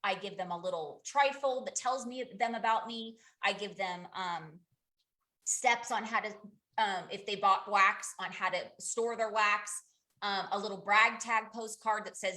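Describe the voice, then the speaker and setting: Woman in her thirties, team leader on a group call: chatty, candid, restarts often, bright forward tone. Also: medium pitch, normal speed. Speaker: direct sales team leader. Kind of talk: casual group coaching call.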